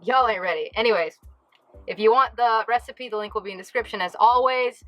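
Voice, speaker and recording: A woman's voice: a little high, a little fast, no echo, lo-fi sound, soft background music. A woman hosting a cooking vlog from a small camper van kitchen, talking to viewers in a playful, exclamatory way. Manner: excitable, playful, exclamatory, addresses viewers directly. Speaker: cooking vlogger. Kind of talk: casual cooking demonstration.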